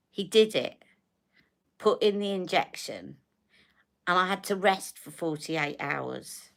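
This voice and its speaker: A woman's voice: on the low side, animated, slow, gravelly, pauses often. A middle-aged British woman chatting casually on a live stream, telling a long story with exasperation and acting out the dialogue. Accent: British English. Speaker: beauty live-stream host.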